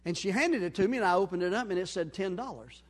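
A male pastor preaching a sermon, telling a story and acting out the dialogue, swinging between loud and quiet. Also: high-pitched, expressive, quick pace. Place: church sanctuary. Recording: long hall reverb.

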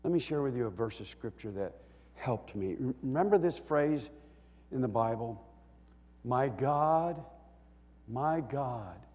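Slow-preaching man in an echoing hall. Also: medium pitch. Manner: swings from quiet talk to loud bellowing preaching; acts out the psalm writer's cries. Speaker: pastor. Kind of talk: sermon.

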